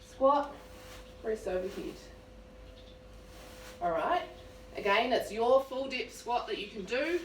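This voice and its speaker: A woman's voice: fairly high pitch, expressive, takes it slowly, pauses often, echoey room, recorded from a distance, slight background noise. A woman fitness coach at home, talking through workout moves while she demonstrates them. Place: home room.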